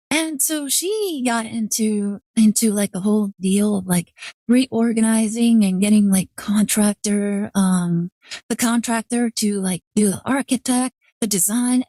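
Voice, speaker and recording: A woman streamer chatting casually and telling a long story, rambling with "like" in nearly every phrase and dropping into a lower voice when she quotes people. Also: warm tone, dry recording, clean studio sound. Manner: rambling, fills every pause with "like". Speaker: VTuber streamer.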